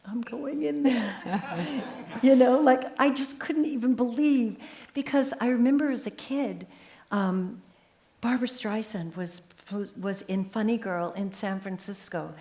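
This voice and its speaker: A woman in her seventies, a memoir author talking as a guest in a casual onstage conversation, telling lively stories and acting out the voices she quotes. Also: a little high, measured pace. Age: 70s. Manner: animated storyteller who acts out quoted voices. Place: live talk event on stage.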